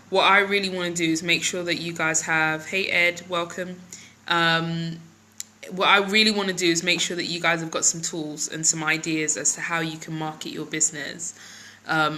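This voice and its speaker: Middle-aged woman chatting on a phone livestream, lots of ums, shouts out viewers, bright voice, bit of faint noise behind. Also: on the low side, poor audio. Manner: chatty, greets viewers by name mid-sentence, many ums. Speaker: marketing vlogger hosting a live stream. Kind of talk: casual live-stream chat with viewers.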